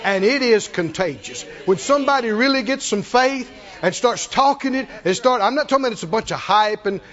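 A man preaching a sermon, telling a story dramatically, acting out the characters and swinging from shouts to near-murmurs. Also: very high voice, lively intonation, highs cut off. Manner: acts out the characters' lines in quick voices.

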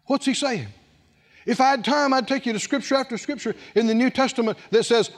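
Brief: man preacher, high and very lively voice, slow and emphatic, dramatic sermon. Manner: dramatic, acts out scripture scenes, emphatic repetition. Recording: long hall reverb.

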